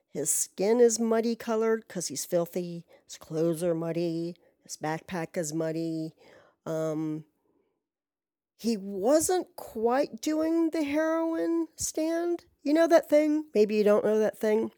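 A woman's voice: mid-range voice, warm tone, no room sound. A woman telling a rambling story in a chatty, profane way, full of asides and fillers. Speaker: podcast storyteller. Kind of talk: casual storytelling monologue.

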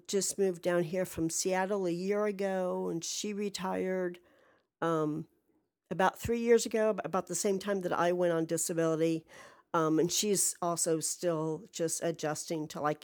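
A woman's voice: on the low side, measured pace, a little mellow. A woman hosting a podcast, talking through a rambling, candid, self-deprecating personal monologue with a jaded-sounding voice and some swearing. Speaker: podcast host.

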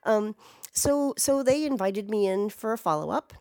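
A woman telling a rambling, excitable story at home in a casual way, swearing freely as she goes. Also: medium pitch, moderate pace, no echo, clean studio sound. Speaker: vlogger.

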